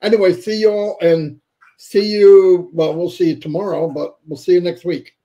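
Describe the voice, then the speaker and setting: A man's voice: high voice, steady tone, normal speed, dark tone, rough recording. A man hosting a live stream, signing off with upbeat motivational urging. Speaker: host.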